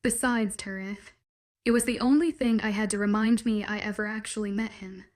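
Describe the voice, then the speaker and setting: A woman narrating a first-person romance story in a steady storytelling read. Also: medium pitch, normal speed.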